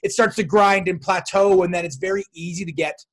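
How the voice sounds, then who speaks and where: Man, podcast host, high-pitched, animated, casual interview chat. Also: fairly quick. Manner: animated storyteller, laughs often.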